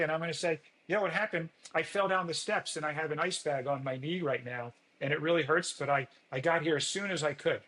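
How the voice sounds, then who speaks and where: This is a man of ordinary middle pitch, talking as a physician guest on a podcast. He explains in an earnest, steady way. He often stops to act out sample dialogues in a brighter, lifted voice. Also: poor audio.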